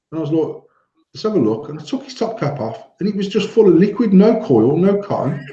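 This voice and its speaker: A man, co-hosting a casual podcast, telling anecdotes with lots of swearing and getting animated as a story builds. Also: a little high, fairly quick, echoey room, highs cut off, slight background noise. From United Kingdom. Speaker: podcast co-host, vape shop owner.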